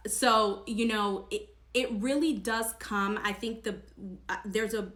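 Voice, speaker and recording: A woman's voice: medium pitch, fairly bright tone. A woman vlogger sharing a personal story to camera in an earnest, emphatic, chatty way. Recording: echoey room.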